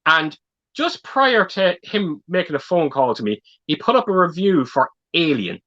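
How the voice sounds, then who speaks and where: A man chatting on a livestream, his voice a touch high and bright. He rambles through his stories, tripping over repeated words. The audio sounds muffled and lo-fi. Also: big pitch swings, moderate pace. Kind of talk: casual livestream chat.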